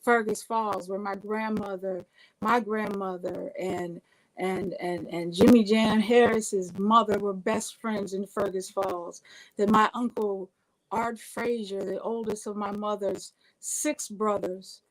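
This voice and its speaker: A woman's voice: medium pitch, fairly even intonation, slow pace, poor audio. A woman from Minnesota, an interview guest, telling family stories enthusiastically, with frequent restarts. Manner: enthusiastic, warm, with repeated restarts. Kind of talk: conversational storytelling.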